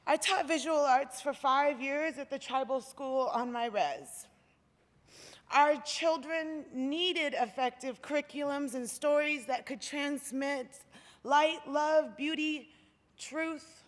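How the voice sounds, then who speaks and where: A woman's voice: high voice, takes it slowly. A woman from the Pacific Northwest giving a heartfelt, earnest public talk on a lecture hall stage. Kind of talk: public speech. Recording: long hall reverb.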